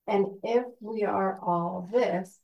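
A woman from the audience slowly working out a hesitant question, searching for her words as she goes. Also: medium pitch, vocal fry, highs cut off. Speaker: audience member asking a question.

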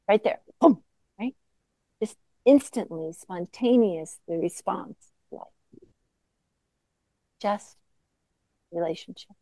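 A woman gives a dharma talk as a Zen teacher, her voice low-pitched and mellow. She speaks in a soft, reflective way, then breaks into sudden emphatic bursts, all recorded dry and close. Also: takes it slowly, long pauses, dry recording, low-quality recording.

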